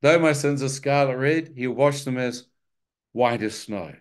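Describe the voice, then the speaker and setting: A man of middle pitch recounting his own story before a congregation. He tells it with animation and wry, self-deprecating jokes, acting out his own thoughts as he goes. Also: a little slow, smooth. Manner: vivid, animated storytelling with self-mocking humor. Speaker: guest speaker sharing his testimony. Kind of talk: testimony told to a live church audience.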